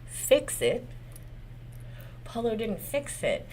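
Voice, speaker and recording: A woman's voice: a little high, very animated, takes it slowly, a little mellow, a little hiss or hum. A woman lawyer with a Texas accent giving casual, candid legal commentary, swearing often and asking rhetorical questions.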